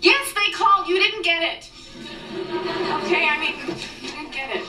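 A woman's voice: very high voice, animated, moderate pace, loud music behind the voice. A woman playing a quirky, blunt young woman who works as an agent in a sitcom clip, talking in a hesitant, apologetic way. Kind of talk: sitcom acting. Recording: roomy distant sitcom soundtrack with loud background noise.

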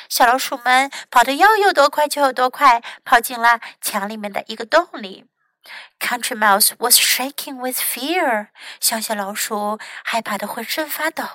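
A woman English teacher narrating a children's story bilingually, clear and teacherly. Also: high-pitched, a bit bright, dry recording, rough recording.

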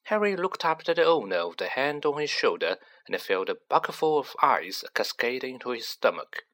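A man narrating a storybook in an unhurried, expressive reading. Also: mid-range voice. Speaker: audiobook narrator.

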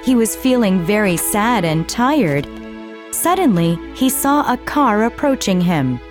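A woman narrating a children's storybook slowly and clearly, in a deliberate, expressive way. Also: medium pitch, over music.

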